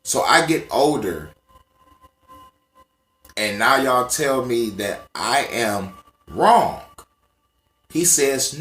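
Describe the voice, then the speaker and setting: A man's voice: medium pitch, expressive, drawn-out words, pauses often, fairly bright tone, reverberant. A man ranting casually to the camera, profane and emphatic as he tells stories from memory. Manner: profane, emphatic, conversational storytelling. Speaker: vlogger.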